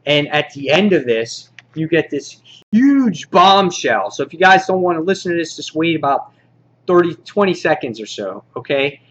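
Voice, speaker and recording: A man's voice: fairly high pitch, very animated, normal speed, muffled recording. A man casually reviewing comic books for a weekly countdown video, enthusiastic and rambling, with lots of fillers. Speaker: comic book vlogger.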